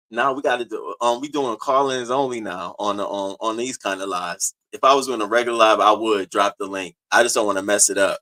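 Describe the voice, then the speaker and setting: A man hosting a casual live-stream commentary, animated as he greets viewers by name from the chat and swears freely. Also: on the low side, brisk.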